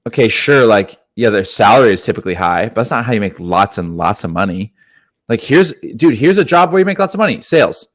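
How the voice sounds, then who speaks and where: A young man co-hosting a casual podcast, talking excitedly and swearing often, with "dude" in every other sentence. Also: fairly low pitch, fairly quick. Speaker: podcast co-host.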